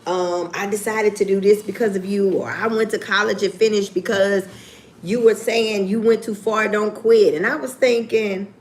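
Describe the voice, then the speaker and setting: A woman chatting casually on a livestream, candid and profane, with lively swings in her voice. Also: medium pitch, normal speed, slight background noise. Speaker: YouTuber.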